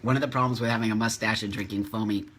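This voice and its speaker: A man's voice: on the low side, fairly even intonation, rapid-fire, a bit bright, a little hiss or hum. A middle-aged man hosting a live stream, speaking with passion and repeating himself for emphasis as he reads viewer comments. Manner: impassioned, emphatic repetition. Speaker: host.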